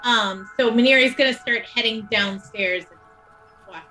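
A woman's voice: on the high side, normal speed, sharp tone, faint music behind, poor audio. A woman playing a tabletop game, thinking aloud in a hesitant way as she describes her character's moves. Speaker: player.

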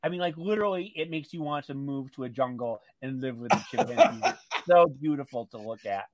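A man co-hosting a radio show, talking in an animated, gushing way in casual chat. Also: medium pitch, brisk, a crowd in the background. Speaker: radio co-host. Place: radio studio.

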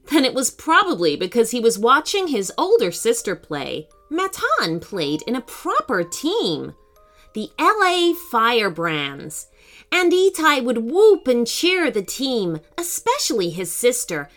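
Bright-pitched female storyteller, very animated delivery, reads children's tales for a podcast. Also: a little slow, faint music behind. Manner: expressive, sing-song storytelling.

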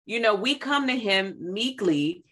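A woman talks about faith in a lively, conversational preaching way. Her voice is bright and forward. She quotes scripture and acts out little scenes as she goes. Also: medium pitch, measured pace, breathy edge. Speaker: co-host sharing devotional reflections.

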